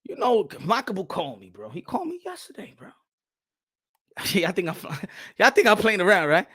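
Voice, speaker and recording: A man chatting casually as a boxing commentator, profane and laughing, with low, quieter asides. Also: animated, moderate pace. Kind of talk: casual comedic chat.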